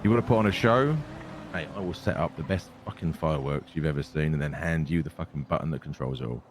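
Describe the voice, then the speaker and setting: A man speaks in character in a role-play game as a scheming intelligence operative. His voice sits very low, and his delivery is sly and dry. A faint hiss runs behind him. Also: fast talker.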